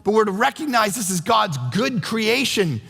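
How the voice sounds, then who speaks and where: A middle-aged man preaching a sermon as pastor, animated and acting out quotes in voices. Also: high-pitched, moderate pace, gravelly, slightly rough, long reverb tail, faint music behind. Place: church sanctuary.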